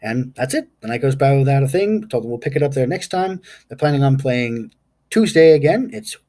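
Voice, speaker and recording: A man's voice: mid-range voice, lively intonation, a little fast, dark tone. A man game master giving a casual, rambling recap of his tabletop session, stopping now and then to recall names aloud.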